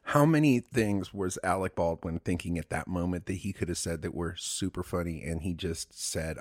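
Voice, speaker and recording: A man's voice: deep voice, moderate pace, hardly any pauses, dry recording. A man co-hosting a podcast, chatting casually with dry, teasing banter. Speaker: podcast co-host. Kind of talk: casual conversational podcast chat.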